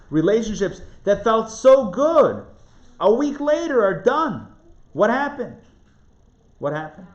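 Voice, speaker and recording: A rabbi lectures to a live class, his voice sitting a bit high for a man and swinging widely as he fires rhetorical questions and repeats key phrases. The sound is roomy and slightly muffled, as if from a live recording. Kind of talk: live lecture on Jewish spiritual text. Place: lecture room in front of a live audience.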